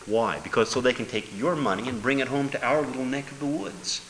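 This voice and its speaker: A man preaching a sermon with emphatic delivery, dropping low and then bursting into loud exclamations. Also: a little fast. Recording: hall reverb with faint noise.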